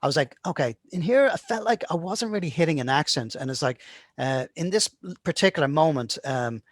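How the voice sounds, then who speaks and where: Casual animation teacher, dry close mic. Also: male voice, fairly high pitch, lively intonation, fairly quick, no echo. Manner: casual, keeps asking "right?". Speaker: animation instructor. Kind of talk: screen-recorded tutorial talk.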